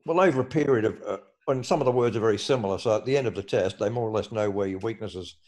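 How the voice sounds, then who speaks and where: Older Australian man, lowish voice, rambling casual storyteller who swears a lot. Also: fast, a little mellow. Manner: rambling, swears freely, hesitant fillers. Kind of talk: casual chat.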